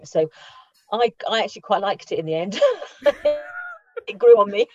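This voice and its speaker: A woman's voice: medium pitch, normal speed, highs cut off. A woman reviewing a film in casual radio chat, talking freely and laughing often. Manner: chatty, laughs often, restarts.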